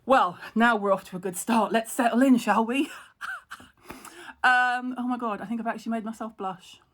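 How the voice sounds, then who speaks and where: A middle-aged woman hosts a casual live stream, chatting frankly, poking fun at herself, laughing a lot and answering viewer comments. Her voice is a little high and fairly bright, with a steady tone and normal speed.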